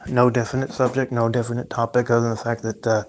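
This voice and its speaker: A young man talks loosely on a solo livestream at a middling pitch. He rambles, sighs, swears freely and lets his sentences trail off. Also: completely flat delivery, fast talker, slight background noise. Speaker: livestream host.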